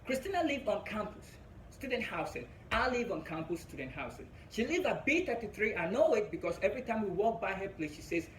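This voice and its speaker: Animated young man with an African accent. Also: high-pitched, fairly quick, roomy sound, slight background noise, poor audio. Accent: African English. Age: young adult. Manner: animated, chuckles at own jokes, peppers lines with "right?". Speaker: comedian. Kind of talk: stand-up storytelling.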